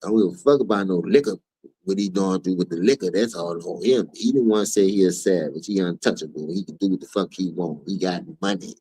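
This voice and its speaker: A New Orleans man with a matching accent hosts his own stream, delivering heated, profane, preachy rants. His deep voice moves a little fast, mellow with a breathy edge. The recording is dry and the audio quality poor.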